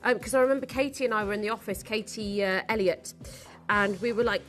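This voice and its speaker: A woman's voice: fairly high pitch, brisk, a bit bright, soft background music. A woman presenting on a live shopping channel, chatty, giggly and enthusiastic as she sells jewellery.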